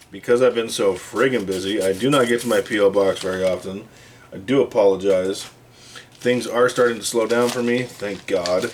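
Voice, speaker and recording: A man's voice: on the low side, a little hiss or hum. A middle-aged man hosting his own channel, talking casually and bluntly to camera, with a little mild cursing. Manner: blunt, plainspoken, slightly profane. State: hiccups. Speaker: channel host.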